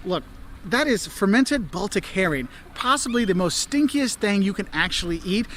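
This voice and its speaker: A man with a notably high voice gives travel tips with lots of enthusiasm. He laughs often and slips into silly mock voices. A faint background hum sits under his talk. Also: animated, moderate pace, fairly bright tone. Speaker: travel video host. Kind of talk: travel advice vlog.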